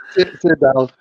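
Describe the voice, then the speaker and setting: A man with a high-pitched, fairly bright, slightly rough voice, a casino dealer, tells rambling anecdotes casually on a podcast and laughs often. There's no echo, but the audio is dull and lo-fi.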